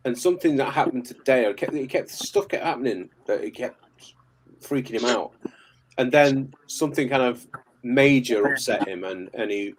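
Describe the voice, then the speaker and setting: A man talks through a story in loose, casual chat, circling back and restarting his sentences. His pitch sits mid-range and his delivery stays conversational on a live call. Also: a little hiss or hum, rough recording. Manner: rambling, stop-start, with many restarts and fillers. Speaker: paranormal investigator guest. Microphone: remote live call.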